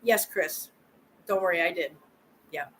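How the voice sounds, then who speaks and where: A woman's voice: fairly low pitch, unhurried, slight background noise, low-quality recording. A woman hosting a live chat with viewers. She talks chattily, repeats words and answers comments directly. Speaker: channel host.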